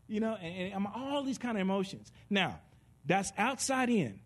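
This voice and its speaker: A man preaching a teaching sermon in an animated way, with sound effects and laughter. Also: high-pitched, moderate pace, slightly rough.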